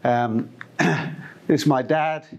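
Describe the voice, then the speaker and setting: A man's voice: mid-range voice, extremely slow, creaky. A middle-aged man from Zimbabwe giving a conference presentation, chatty and meandering, with lots of fillers and restarts. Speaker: company presenter.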